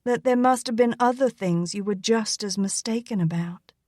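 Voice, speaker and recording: A woman's voice: on the high side, normal speed, darkish tone, no room sound, studio quality, close to an everyday voice. A woman voicing a poised young Southern woman who teases in an easy, silky drawl. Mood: teasing. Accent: American Southern.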